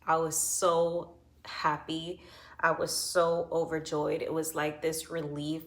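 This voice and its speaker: Low-voiced woman telling her birth story. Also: monotone, slow pace. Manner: earnest and reassuring, with frequent fillers. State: emotional, close to tears. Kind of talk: personal storytelling to camera.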